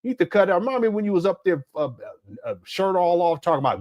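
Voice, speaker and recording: A man's voice: high-pitched, animated, fast talker, few pauses, a little mellow, no echo, clean studio sound. A man in his fifties giving blunt, exclamatory reaction commentary as host, laughing at the clips. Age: 50s.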